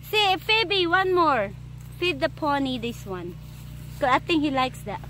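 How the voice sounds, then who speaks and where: Vlogger, woman from the Philippines: very high voice, unhurried, giggly, outdoors with faint background noise. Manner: excitable, giggly, coos at animals, non-native grammar. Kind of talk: casual vlog chat. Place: outdoors at a farm winery.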